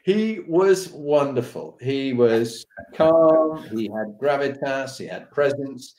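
A man recounts an army anecdote, acting out each voice in the story. His pitch rises and falls widely as he goes. The recording has a roomy echo. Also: slow pace. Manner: acts out dialogue with lively voices and laughs. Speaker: storyteller recalling army days. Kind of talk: animated anecdote telling.

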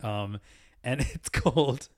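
A man's voice: mid-range voice, takes it slowly, dry recording. A man co-hosting a podcast, chatting casually with dry, offhand quips. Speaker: podcast co-host. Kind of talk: casual comedic chat.

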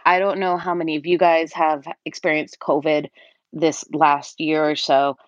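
A woman's voice: low voice, little pitch movement, normal speed, no room sound. A woman co-hosting a podcast over a computer call, bubbly and chatty, swearing now and then. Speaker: podcast co-host. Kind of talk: casual chat over a call. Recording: dull lo-fi call audio.

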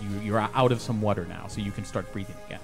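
A man running a tabletop role-playing game as game master, narrating scenes in an animated way and laughing often. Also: on the low side, quick pace, over music.

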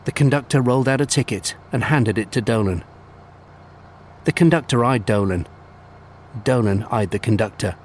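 A man narrating a children's storybook, savouring lists with gentle humour. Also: medium pitch, moderate pace, long pauses, slight background noise.

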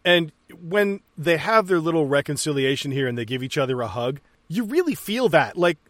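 Male podcast co-host, animated and high-ish, laughs a lot, dry close mic. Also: moderate pace, no echo. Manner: laughs often, swears casually, says "dude". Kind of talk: casual movie commentary chat.

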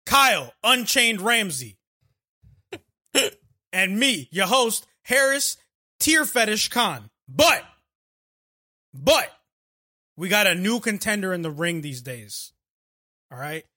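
High, lively joking male host. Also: slow, long pauses. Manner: loud, joking, chanting repetition. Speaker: podcast host. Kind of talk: casual banter.

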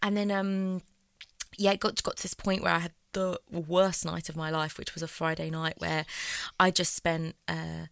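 A woman with a gravelly, slightly low voice tells her story in an earnest, rambling way. She leans on fillers and restarts, and the sound is close and dry. She sounds near tears at times. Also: level tone, normal speed, a bit bright, no room sound. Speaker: guest. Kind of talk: candid personal storytelling.

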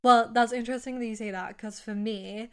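A British woman in her twenties, a podcast co-host chatting casually, full of "like" and quick laughs. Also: on the high side, fairly even intonation, smooth. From Britain. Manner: chatty, laughs often, many likes. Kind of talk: casual chat.

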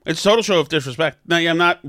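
A man's voice: fairly high pitch, rapid-fire, bright, forceful tone, dry recording, clean studio sound. A man hosting a political talk show, giving blunt, sarcastic commentary with frequent stammered restarts.

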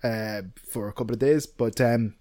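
An Irish man co-hosting a chatty podcast, spinning a long anecdote. He rambles and restarts, full of fillers and the occasional swear. His voice sits in a middle pitch and sounds dry and close, with no room around it. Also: normal speed, dark tone, no room sound. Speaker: podcast co-host. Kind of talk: casual chat, storytelling.

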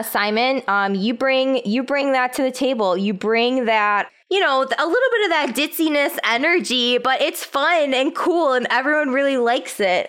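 A woman's voice: on the high side, a bit bright, clean tone. A woman co-hosting a casual podcast, earnestly gushing compliments to a friend. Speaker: podcast co-host.

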